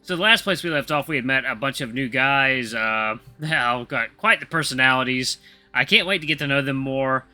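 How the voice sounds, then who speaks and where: A man's voice: medium pitch, normal speed, pushed and bright, faint music behind. A man hosting a let's-play, upbeat and chatty as he introduces the episode. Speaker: gaming YouTuber. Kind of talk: let's-play commentary and reading aloud.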